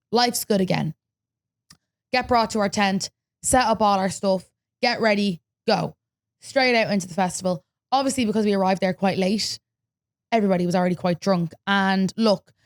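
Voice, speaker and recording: A young Irish woman hosting a podcast, telling a story in casual chat, lively and swearing freely as she acts out what people said. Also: medium pitch. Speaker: podcast host.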